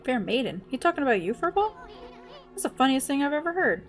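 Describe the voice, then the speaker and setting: A woman voicing a tiny, cocky male sidekick, reading his game dialogue in a high, teasing manner. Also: big pitch swings, fast talker, soft background music. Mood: mocking.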